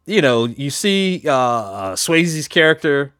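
A man's voice: fairly high pitch, sing-song, slow, fairly bright tone, no echo, clean studio sound. A man casually chatting as a podcast host, rambling with lots of fillers and restarts. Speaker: podcast host reviewing films. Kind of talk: casual chat.

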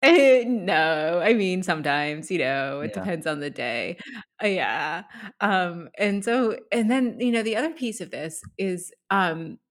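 A woman coach co-hosting a podcast, explaining her craft in a casual, animated way with frequent laughs and everyday examples. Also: lowish voice, measured pace. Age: adult.

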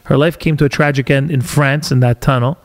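A man's voice: medium pitch, fairly even intonation, fairly quick. A man hosting a podcast from a studio, delivering an agitated, sarcastic opinion monologue. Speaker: podcast host.

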